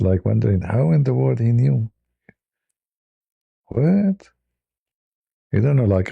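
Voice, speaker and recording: A man's voice: on the low side, creaky, warm tone, breathy edge, no room sound, muffled recording. A man hosting a live stream, chatting casually and laughing at his own stories. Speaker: livestream host.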